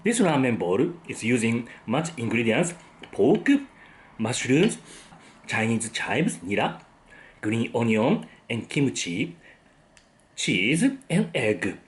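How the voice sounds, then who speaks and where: A man hosting a food vlog talks casually while tasting his dinner, frequently humming with enjoyment. He speaks in a mid-range voice, very animated, and takes his time.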